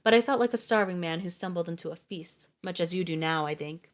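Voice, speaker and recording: A woman's voice: fairly low pitch, a little fast, lightly acted. Woman putting on a chipper Russian-ish stranger. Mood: reassuring. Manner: grinning, welcoming, bouncy. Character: lanky cheerful male Russian stranger.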